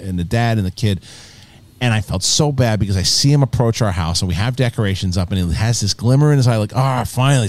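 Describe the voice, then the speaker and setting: Animated man hosting a panel show. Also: lowish voice, no room sound. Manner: animated storytelling, swears, laughs often. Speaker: podcast host. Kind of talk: casual panel chat.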